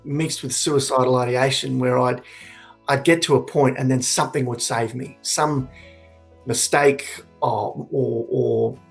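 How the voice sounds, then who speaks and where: A man in his forties giving candid, earnest personal testimony, reflective and halting with frequent restarts. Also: medium pitch, steady tone, gravelly, faint music behind. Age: 40s. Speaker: suicide prevention speaker.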